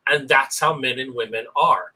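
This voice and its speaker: A man's voice: medium pitch, moderate pace, bright, forceful tone, husky, low-quality recording. A man casually telling personal stories in an earnest, rambling way. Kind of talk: casual storytelling.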